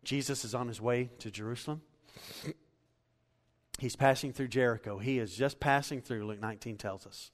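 A man's voice: medium pitch, moderate pace, pauses often. Preaching man in a reverberant hall. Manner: animated storytelling, rising to loud emphatic preaching. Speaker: pastor. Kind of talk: sermon.

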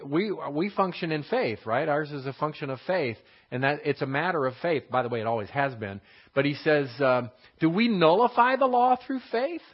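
A man teaching a verse-by-verse Bible lesson, explaining and rephrasing scripture in an unhurried classroom manner. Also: mid-range voice. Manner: explanatory, rephrasing verses, frequent fillers and restarts. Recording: slightly dull lo-fi recording.

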